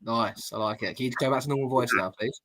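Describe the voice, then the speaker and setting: A man's voice: medium pitch, fast talker, sharp tone. A man hosting a casual football podcast, blunt and laddish, swearing freely, talking over a remote call. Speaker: podcast host.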